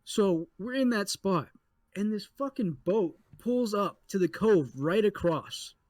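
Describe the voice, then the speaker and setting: A young adult man co-hosting a podcast, telling a story in a casual, animated way with lots of swearing. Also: high voice, unhurried, dry recording. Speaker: podcast co-host.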